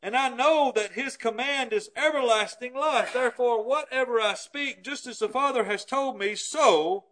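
A preacher delivers a sermon in a strikingly high voice for a man. He speaks emphatically and keeps putting rhetorical questions to his listeners. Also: expressive, a little slow, fairly bright tone.

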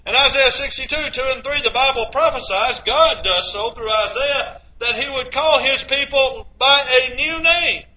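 A man's voice: very high voice, moderate pace, hardly any pauses, sharp tone. A man preaching a sermon, quoting scripture and asking his listeners rhetorical questions. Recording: dull lo-fi recording.

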